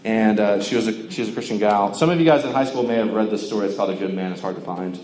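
A man's voice: fairly low pitch, fast talker, a little mellow, a little hiss or hum. A young man from Georgia preaching a casual sermon, conversational and joking, with lots of filler words. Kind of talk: casual sermon to a campus crowd. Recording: echoey hall with faint ambience.

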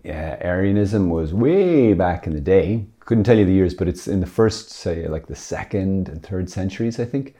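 A man with a low, mellow voice talks through church teaching in a relaxed, chatty way. He is a priest from Ireland who keeps cracking jokes at his own expense and laughing them off. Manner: jokey, self-deprecating, chatty. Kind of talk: casual teaching talk.

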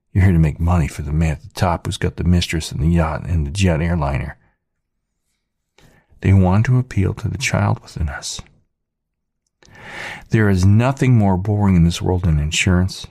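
A man's voice: low voice, moderate pace, gravelly, long pauses, a little mellow, slightly rough, no echo, clean studio sound. A man hosting his own channel, ranting sarcastically in a casual monologue. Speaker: channel host.

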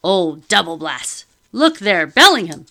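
A woman's voice: lowish voice, very animated, measured pace, sharp tone, heavily acted. A woman doing a flustered round little man. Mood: alarmed.

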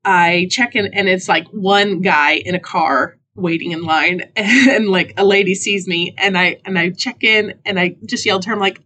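A middle-aged woman hosting a podcast, telling a story in a casual, self-mocking way and jumping into high voices when she quotes people. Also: moderate pace, sharp tone. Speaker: podcast host.

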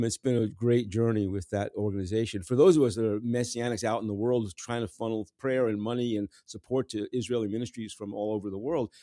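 A man hosting an interview, chatty and quick to laugh as he shares stories with his guest. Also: lowish voice, no room sound, studio quality. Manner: warm-hearted, chatty, laughs often. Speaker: host. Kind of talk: casual interview chat.

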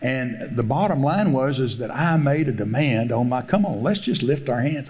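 A man's voice: mid-range voice, expressive, moderate pace, hardly any pauses, darkish tone. A middle-aged man, preaching a sermon and telling a story, laughing often and acting out the voices he quotes. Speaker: pastor.

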